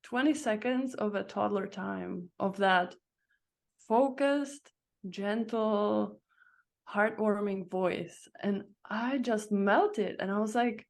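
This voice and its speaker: A woman's voice: medium pitch, takes it slowly, vocal fry. A woman in her thirties, a podcast guest, telling her story in a reflective, searching way. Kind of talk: casual interview chat.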